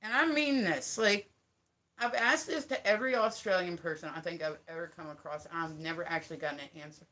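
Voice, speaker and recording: Woman, 30s, livestreamer; bright, crisp tone, meandering and salty. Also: deep voice, fast talker, few pauses. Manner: rambling, profane, filler-heavy talk. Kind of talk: casual livestream chat.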